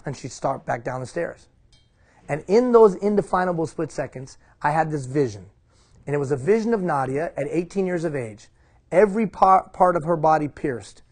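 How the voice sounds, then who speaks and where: A man's voice: high voice, expressive, brisk, a little mellow. A middle-aged man giving a live leadership seminar, emphatic, repeating key phrases and putting questions to the audience. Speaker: leadership trainer.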